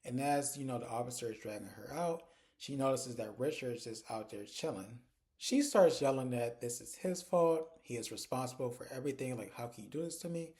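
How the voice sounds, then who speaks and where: Mellow-voiced man recapping a TV episode. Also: medium pitch, normal speed. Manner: chatty and animated, retells scenes in quoted dialogue. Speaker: TV episode reviewer. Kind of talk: casual recap vlog.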